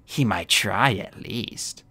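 An audiobook reader voicing Dune, a grim adult military dragon with a slow, no-nonsense delivery. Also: medium pitch, pushed and bright, husky, heavily acted.

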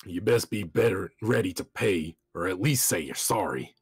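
A man voicing a gruff, belligerent male dragonborn who talks in rough, coarse slang at a fantasy game table. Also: sits low, expressive, moderate pace, no echo, studio quality, heavily acted. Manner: rough, coarse street talk.

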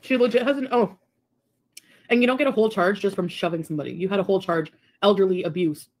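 A woman's voice: mid-range voice, fast. A young adult woman chatting on a stream, reading out comments from viewers. She tosses in dry, sarcastic asides between them. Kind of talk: casual livestream chat.

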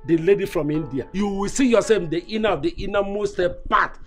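An actor playing a fussy Nigerian husband who tries to keep the peace in a wordy, pleading and theatrical way. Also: male voice, high-pitched, quick pace, soft background music. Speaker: film actor. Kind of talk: Nollywood film acting.

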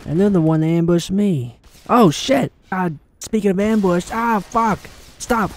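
A man giving excitable let's play commentary, swearing often and taunting his enemies as he plays. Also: high voice, unhurried, a little hiss or hum. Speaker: gaming channel host.

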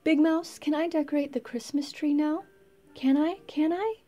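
A woman voicing an eager, excited little boy mouse in a storybook, in a sing-song way. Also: sits high, takes it slowly, husky, faint music behind, pitched above the performer's own voice, full character voice.

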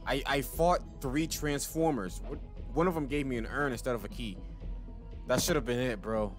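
A man giving let's play commentary, excitable and talking to himself as he plays. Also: mid-range voice, moderate pace, faint music behind. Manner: excitable, talks to himself while playing. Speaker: gaming channel host.

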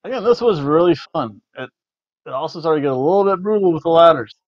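A man's voice: a little high, lively intonation, fast talker, no echo. A man casually reviewing a wrestling event, rambling and repeating words as he rates matches with food jokes. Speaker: podcast co-host reviewing wrestling. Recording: dull lo-fi dry recording.

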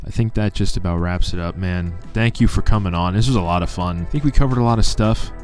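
A man's voice: deep voice, fast, darkish tone, soft background music. A man hosting a podcast, laid-back and casual, reacting with short exclamations and wrapping up the episode. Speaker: podcast host.

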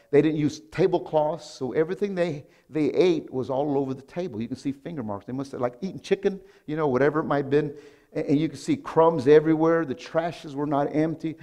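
A man pastor preaching a sermon, telling a story in a hushed voice and then breaking into loud, animated exclamations. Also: fairly high pitch, vocal fry. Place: church sanctuary.

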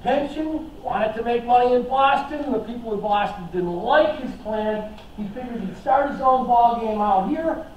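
A man's voice: very high-pitched, a little mellow. A man giving a casual slideshow history lecture, chatty and enthusiastic, with plenty of fillers and restarts. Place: historical society lecture room. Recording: echoey, dull, from far off, faint hiss.

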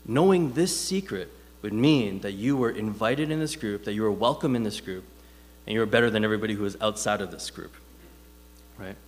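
A man's voice: on the low side, brisk. A man preaching a sermon in a casual, conversational way, telling stories with plenty of fillers. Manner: conversational, animated storytelling with frequent fillers. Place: church hall. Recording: long hall reverb.

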